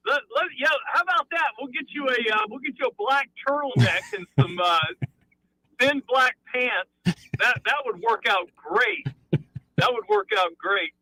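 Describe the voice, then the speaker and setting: A man's voice: extremely high pitch, a little slow, pushed and bright, dry recording, rough recording. A man calling in to a radio show, joking playfully with the host. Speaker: caller. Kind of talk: phone-in call.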